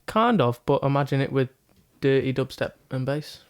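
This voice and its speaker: A man's voice: mid-range voice, animated, moderate pace, no echo, studio quality. A man co-hosting a podcast, chatting casually in a laid-back, joking, sweary way. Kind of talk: casual chat.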